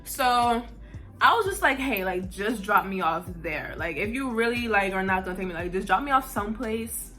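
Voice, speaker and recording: A young woman from New York, a vlogger telling a casual storytime, animated and profane, saying "like" constantly. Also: mid-range voice, moderate pace, soft background music. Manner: animated, profane, heavy use of "like".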